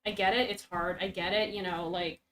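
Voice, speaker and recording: A woman hosting a casual stream, reacting to a story with rambling, animated chat and the odd swear. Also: fairly low pitch, fairly quick, low-quality recording. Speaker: stream host reacting to a web serial.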